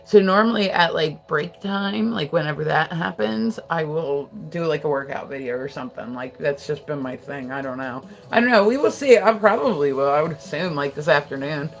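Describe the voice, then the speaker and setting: Speaking low at a moderate pace with few pauses, the livestream host rambles through a casual chat with her viewers. Fillers abound, and she laughs frequently.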